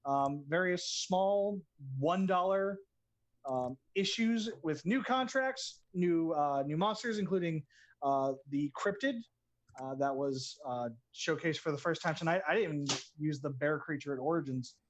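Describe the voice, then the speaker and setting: High-pitched guy rambling about his game, lots of ums. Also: measured pace, low-quality recording. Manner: rambling, many ums and restarts. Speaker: game designer and guest game master. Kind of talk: casual chat, promoting a game.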